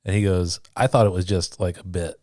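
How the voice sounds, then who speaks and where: Man, very low voice, dry sound, casual joking podcast chat. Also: steady tone, a little fast, darkish tone, dry recording. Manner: jokey, laughs often, puts on a deep movie-trailer voice. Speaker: podcast co-host.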